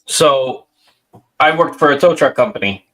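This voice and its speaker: A man in a casual podcast chat, telling a story in a slow, halting way. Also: medium pitch, lively intonation, a crowd in the background. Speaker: podcast regular.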